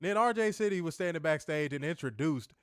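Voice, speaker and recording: A man's voice: fairly high pitch, animated, fairly quick, clear, resonant tone, no room sound, studio quality. Profane laid-back man recapping wrestling. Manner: loose, profane, laughing often. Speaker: wrestling review host. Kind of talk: casual crude show recap.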